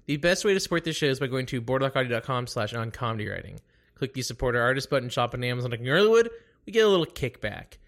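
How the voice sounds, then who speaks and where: A man hosting a podcast, hungover, reading an ad in a dry deadpan voice with joking asides, then chatting with a guest. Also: medium pitch. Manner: dry, deadpan ad read with self-mocking asides. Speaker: podcast host. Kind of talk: casual podcast talk and ad read.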